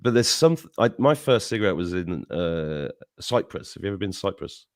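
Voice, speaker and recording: A man's voice: low voice, expressive, fairly quick, no room sound, studio quality. A man in his fifties hosting a casual podcast chat, rambling through stories with swearing and laughter. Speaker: show host.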